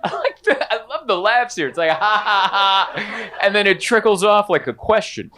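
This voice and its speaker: A man in his thirties performing stand-up in a club, telling stories conversationally and acting out other people in quick put-on voices. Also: high voice, big pitch swings, bright, forceful tone. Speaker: stand-up comedian. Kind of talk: stand-up comedy set. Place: comedy club stage before a laughing audience.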